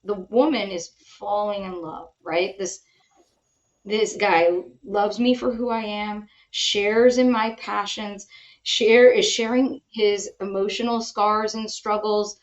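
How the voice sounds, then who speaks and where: A woman's voice: mid-range voice, takes it slowly, dull audio. A woman hosting a podcast, telling stories in casual chat and acting out the voices she quotes. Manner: animated storytelling, acts out quoted voices. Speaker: podcast host.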